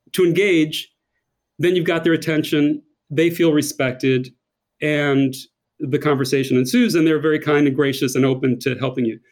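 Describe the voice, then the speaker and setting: A man's voice: on the high side, darkish tone. An American man speaking as a guest in an interview, effusive and enthusiastic, often repeating words as he searches for them. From United States. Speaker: guest, author and designer. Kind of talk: interview conversation.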